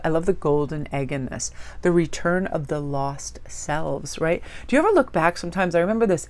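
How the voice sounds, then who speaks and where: A woman's voice: low-pitched, animated, fairly quick, hardly any pauses, darkish tone. A woman tarot reader chatting casually as she shows a tarot deck, gushing and rambling.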